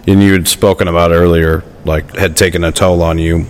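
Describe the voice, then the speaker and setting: A man's voice: low voice, little pitch movement, a little fast. A man hosting a podcast interview, asking probing questions and offering brief affirmations. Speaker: podcast host.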